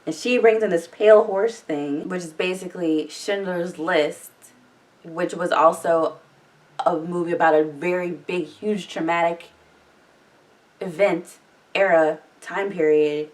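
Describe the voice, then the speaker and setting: Low-voiced woman rambling about a show. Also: fairly even intonation, unhurried, a little mellow, recorded from a distance. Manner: chatty, rambling, many "like" fillers. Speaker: reaction video host. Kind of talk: casual reaction commentary.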